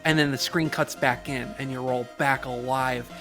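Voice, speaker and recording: Bright-voiced man recapping with gusto. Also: medium pitch, moderate pace, faint music behind. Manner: animated storyteller, mocks voices. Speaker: podcast co-host. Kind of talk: casual chat.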